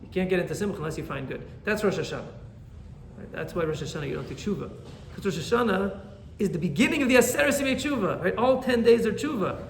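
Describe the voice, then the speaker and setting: Man, rabbi, animated Torah class, slightly high voice, echoey room, faint hiss. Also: quick pace. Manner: animated, asks "right?" often.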